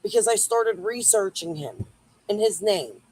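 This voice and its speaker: A woman's voice: medium pitch, sing-song, a little slow, darkish tone, a little hiss or hum, poor audio. A woman hosting a livestream, rambling and swearing while she answers viewers in the chat. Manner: rambling, profane, replying to chat. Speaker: YouTube livestream host. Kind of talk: casual livestream rant.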